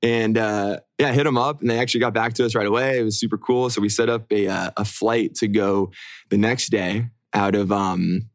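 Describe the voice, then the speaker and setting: A man's voice: fairly low pitch, fairly even intonation, brisk, no echo, studio quality. A young man co-hosting a podcast, chatting casually and rambling with lots of fillers. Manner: laid-back, rambling with many fillers. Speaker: podcast co-host. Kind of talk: casual chat.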